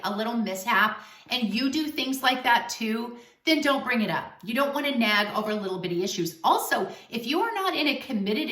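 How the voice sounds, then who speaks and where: A woman relationship coach giving emphatic, animated advice straight to camera in a vlog. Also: fairly high pitch. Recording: echoey room, voice distant from mic.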